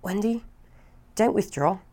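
A woman's voice: medium pitch, expressive, measured pace, mellow. A woman voicing a cocky, boastful young boy in a storybook reading. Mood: defiant. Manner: boastful, defiant.

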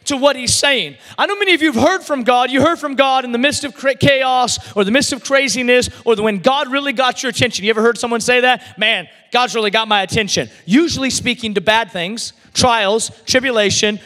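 High, bright-voiced preacher in an echoing hall. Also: male voice, brisk, hardly any pauses. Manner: animated preaching, swinging from shouts to near-whispers. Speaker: pastor. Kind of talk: sermon. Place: church service. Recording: long reverb of a large hall.

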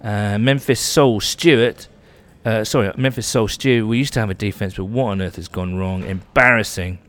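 A man's voice: on the low side, normal speed, fairly bright tone. A man hosting a casual podcast chat, reading out listener tweets with wry asides. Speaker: podcast host.

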